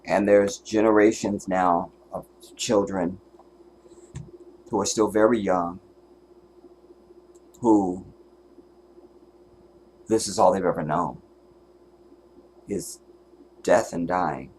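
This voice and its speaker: A man's voice: sits low, fairly even intonation, slow, long pauses, a little mellow, a little hiss or hum. A man hosting a livestream and giving commentary in an angry, profane, emotional rant, at times close to tears. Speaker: livestream host.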